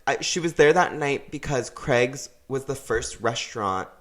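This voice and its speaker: A man's voice: mid-range voice, unhurried. Chatty young man podcast co-host. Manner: chatty, many fillers, animated storytelling with put-on quotes. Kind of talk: casual chat.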